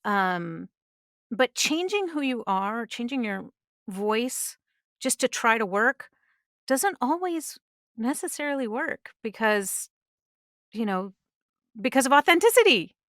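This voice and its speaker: A middle-aged woman speaks as a guest on a podcast with earnest conviction, pressing her points with emphasis. Her voice is smooth and resonant. The sound is close and dry. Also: on the high side, very animated, slow, long pauses, a bit bright, no echo. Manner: earnest, emphatic advice-giving. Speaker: voice actress guest. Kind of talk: conversational interview. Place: podcast studio.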